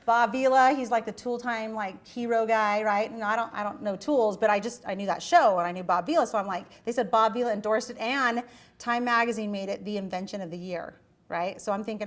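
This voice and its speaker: A middle-aged woman, a guest lecturer at a university, tells a chatty story at a quick pace in a fairly high voice. She's animated and acts out the voices she quotes.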